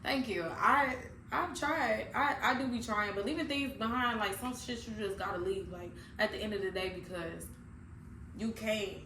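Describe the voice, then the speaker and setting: A woman co-hosting a podcast in casual, candid chat, laughing often and getting loud when excited. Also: mid-range voice, moderate pace. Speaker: podcast co-host. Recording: echoey room, mic far off, noisy.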